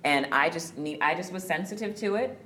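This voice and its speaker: Enthusiastic low-voiced woman. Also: brisk, slight background noise. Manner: enthusiastic, warm about colleagues. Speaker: acting teacher and guest. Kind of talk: casual interview chat.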